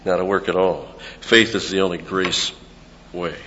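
A man's voice: low-pitched, fairly even intonation, moderate pace, bright, forceful tone, a little hiss or hum. A man preaching an expository sermon, teaching verse by verse, explaining grammar and repeating key phrases for emphasis. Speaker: pastor. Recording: lo-fi with long hall reverb.

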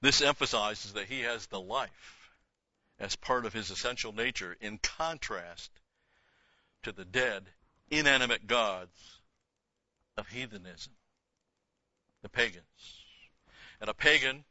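A lower-pitched man with a strikingly bright, forceful tone teaches through Scripture. He reads the verses with lifted emphasis and explains them in plain, offhand remarks. The sound is dry and close, though slightly dull. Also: takes it slowly, pauses often, no room sound. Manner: reads scripture aloud with rising emphasis, then explains in a casual aside. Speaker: Bible teacher.

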